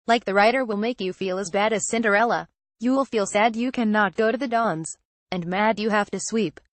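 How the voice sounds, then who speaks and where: A woman's voice: mid-range voice, brisk, no echo. A woman narrating an audiobook in an earnest, naive first-person storytelling manner.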